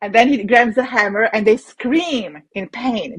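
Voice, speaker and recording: A woman doctor, a rheumatologist, explaining ideas in an interview in an animated way with many restarts. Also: fairly high pitch, moderate pace, few pauses, slightly rough. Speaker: rheumatologist guest.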